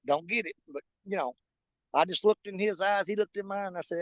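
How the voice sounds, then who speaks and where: A man's voice: sits high, quick pace, no room sound, poor audio. A man, a fishing vlogger talking casually from a riverbank in a folksy, rambling way. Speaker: fishing channel host. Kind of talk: casual vlog talk while bank fishing. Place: outdoors on a riverbank.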